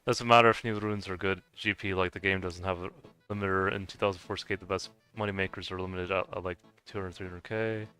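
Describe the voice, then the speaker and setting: A man's voice: low voice, fairly even intonation, quick pace, few pauses, bright, forceful tone, clear, resonant tone, soft background music. A man chatting casually while he plays a game, hesitant, with many filler sounds and restarts. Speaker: gaming video host.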